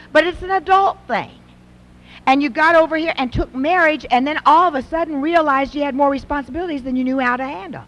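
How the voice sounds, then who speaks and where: A middle-aged woman giving a folksy, conversational talk to an audience of women, acting out little scenes between mothers and daughters. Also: high voice. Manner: animated, folksy, acts out mothers and daughters in quotes. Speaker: speaker at a Christian women's event.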